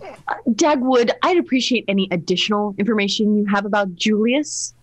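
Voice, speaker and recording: A woman reading the part of a soothing female friend in an amateur 1940s radio play reading, gentle and unhurried. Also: mid-range voice, no echo, natural voice. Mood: polite.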